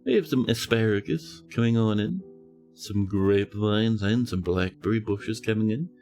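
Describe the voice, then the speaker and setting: A man's voice: fairly low pitch, moderate pace, darkish tone, soft background music. A man with a New Zealand accent, casually commentating his game stream with playful, mock-dramatic teasing and a soothing voice.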